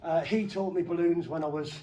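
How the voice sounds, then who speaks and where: A middle-aged man performing a comedy magic act, bantering playfully with the crowd and breaking into sudden loud bursts. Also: a little high, steady tone, fairly quick, a little hiss or hum.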